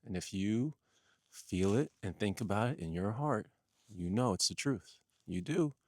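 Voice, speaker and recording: A man delivers an earnest spiritual teaching in a low, unhurried voice. He piles up repeated phrases for emphasis. The sound is close and dry. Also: expressive, darkish tone, dry recording. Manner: earnest, repetitive, emphatic listing.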